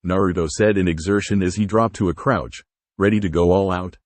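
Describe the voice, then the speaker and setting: A man's voice: low-pitched, animated, moderate pace, dry recording. A man narrating a fan fiction story aloud, giving the dialogue varied inflections. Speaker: fanfiction reader.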